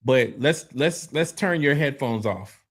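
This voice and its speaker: Male podcast host, AAVE, casual and profane, jokey, mid-pitched voice. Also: lively intonation, a little slow, husky. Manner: loose, profane, joking. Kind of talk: casual chat.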